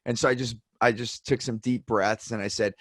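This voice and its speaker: A man hosting a podcast, chatting casually and telling animated stories, acting out the people he quotes. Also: mid-range voice, moderate pace, dry recording, clean studio sound. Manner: animated storyteller, acts out quoted voices. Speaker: podcast host. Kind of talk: casual conversation, storytelling.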